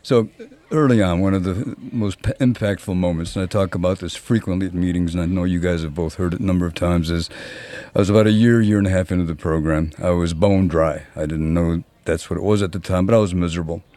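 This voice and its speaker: An older man in his seventies talks as a podcast guest in an easy, rambling way. His voice sits very low and sounds mellow and warm. He tells long stories with a dry, self-mocking humor. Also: steady tone, quick pace. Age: 70s. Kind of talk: casual conversation.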